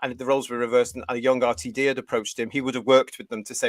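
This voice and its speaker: A man's voice: medium pitch, level tone, fast talker, no echo. A man from the United Kingdom hosting a live fan review show, reading viewer comments and ranting with strong opinions.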